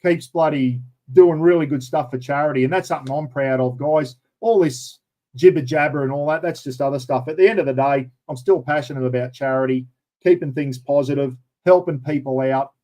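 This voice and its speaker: A man's voice: medium pitch, fairly quick, warm tone, rough recording. An Australian man hosting a casual live chat, rambling and chatty, calling everyone mate. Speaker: livestream host.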